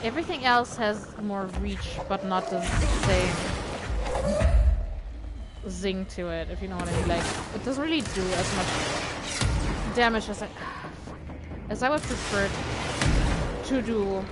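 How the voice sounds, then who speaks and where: A woman's voice: mid-range voice, slow, long pauses, over loud music. A woman streamer giving casual gameplay commentary in a chatty, filler-heavy way, with bursts of alarmed swearing. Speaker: game streamer. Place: at home at a gaming setup. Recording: game noise behind a streamer mic.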